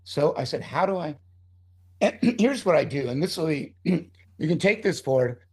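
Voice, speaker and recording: A man's voice: a little high, expressive, moderate pace, slightly rough. Heated, profane middle-aged man. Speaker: screenwriter being interviewed. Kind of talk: casual interview talk.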